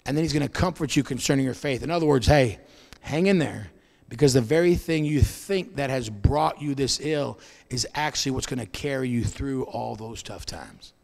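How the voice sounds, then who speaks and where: A man preaching as pastor to his congregation, swinging between booming and hushed delivery in a church. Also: normal speed, vocal fry, big-room sound. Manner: preaching with wide swings in loudness and pitch. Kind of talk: sermon. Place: church sanctuary.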